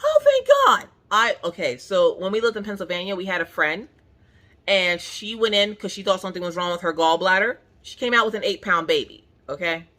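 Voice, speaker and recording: Bright-voiced woman telling a dramatic story. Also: fairly low pitch, a little fast. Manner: animated, dramatic, swears freely. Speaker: crafting channel host. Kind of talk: casual storytelling chat.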